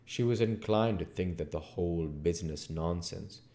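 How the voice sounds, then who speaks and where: A man reading a classic novel aloud as audiobook narration. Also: low voice. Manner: slow, expressive reading. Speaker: audiobook reader.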